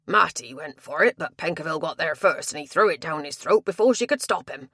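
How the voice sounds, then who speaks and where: A woman reading a big, sulky male tavern tapster with gruff rustic dialect speech. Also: low voice, expressive, brisk, sharp tone, dry recording, studio quality, full character voice. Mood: grumbling.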